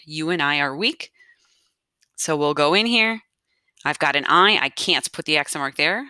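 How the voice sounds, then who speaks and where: A woman's voice: sits low, sharp tone, dry recording, studio quality. A woman teaching a grammar lesson step by step, patiently explaining aloud as she marks up her notes. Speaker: Spanish teacher.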